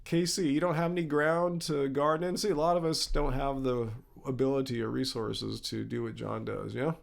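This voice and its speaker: A man hosting a casual live stream Q&A, reading viewer comments aloud in a relaxed way and sneezing now and then. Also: medium pitch, brisk, vocal fry.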